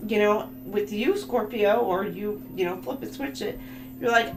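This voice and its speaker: A woman's voice: medium pitch, unhurried. Chatty, blunt tarot reader woman. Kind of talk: livestream tarot reading. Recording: echoey room with music behind. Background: background music.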